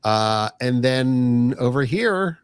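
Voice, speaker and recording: A man co-hosting a casual podcast chat, talking in a relaxed way with many restarts. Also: medium pitch, slow pace, smooth, no room sound, clean studio sound. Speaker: podcast co-host.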